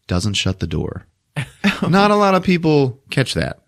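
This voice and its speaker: A man's voice: on the high side, huge pitch swings, measured pace, a bit bright. Profane, laughing man recapping a movie. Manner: profane, laughing often, acting out scenes. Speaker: podcast host.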